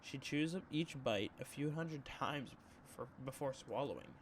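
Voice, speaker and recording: A man's voice: mid-range voice, moderate pace, a little hiss or hum. A young man streaming, reading a story game aloud in a casual tone, with slang asides. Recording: game music behind voice.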